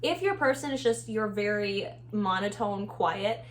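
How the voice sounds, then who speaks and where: A woman's voice: medium pitch, a little slow, slight background noise. A young woman with a Texan accent giving upbeat, chatty advice in a casual vlog, laughing often. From Texas. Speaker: vlogger, former reality show contestant.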